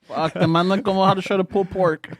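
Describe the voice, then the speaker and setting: A man with a Chicano English accent, a podcast co-host tossing in quick jokes and banter, switching between English and Spanish. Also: sits high, steady tone, a crowd in the background. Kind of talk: casual chat.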